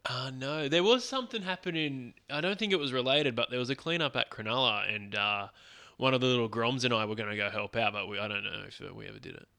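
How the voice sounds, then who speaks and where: A man's voice: mid-range voice, quick pace, gravelly, pushed and bright. A man co-hosting a podcast, laid-back and teasing in casual chat. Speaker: podcast co-host.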